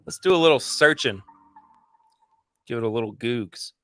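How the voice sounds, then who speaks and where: A man hosting a laid-back whiskey tasting stream, talking with a bright, forceful edge. His pitch sits in an ordinary middle range. He is chatty and eager, and he rambles and restarts his sentences, with soft music faintly underneath. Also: animated, moderate pace, no echo. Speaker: podcast host. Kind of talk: casual livestream whiskey tasting.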